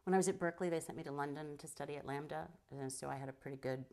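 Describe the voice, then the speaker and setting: A woman's voice: deep voice, very fast, gravelly. A middle-aged woman with a trained stage voice, telling stories in an interview and mimicking other people. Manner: animated storyteller who mimics others. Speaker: guest filmmaker and actor. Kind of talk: interview conversation.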